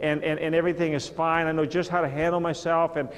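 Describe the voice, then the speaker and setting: A man's voice: a little high, little pitch movement, quick pace, a little hiss or hum, natural voice. A man playing a self-assured young man who reassures a girl's father in a glib way, recorded in a reverberant hall. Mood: cocky. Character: cocky young man picking up a date. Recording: reverberant hall, live audience.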